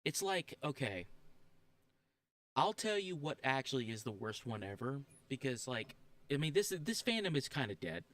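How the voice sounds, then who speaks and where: A man's voice: medium pitch, very animated, moderate pace, fairly bright tone, no echo. A man streaming a game and ranting, heated, profane and emphatic.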